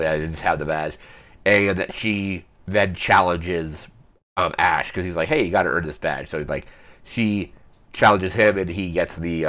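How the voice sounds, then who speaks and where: Low voiced guy rambling thru a cartoon recap, lots of ums and likes. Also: a bit bright. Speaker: podcast host. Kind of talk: casual retro recap talk.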